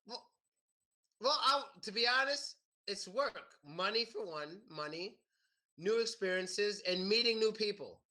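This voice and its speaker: An American man teaching a class, animated and repeating his questions to the students. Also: high-pitched, a little slow. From United States. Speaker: English teacher. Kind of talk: classroom lesson.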